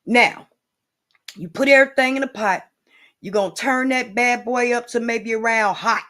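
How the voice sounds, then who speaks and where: A woman's voice: fairly high pitch, normal speed, sharp tone. A woman hosts an improvised comedy cooking show at a loose, meandering pace. She talks in a playful way and keeps turning to the viewer with chatty asides. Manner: rambling, playful and boozy-toned, with lots of asides to the viewer.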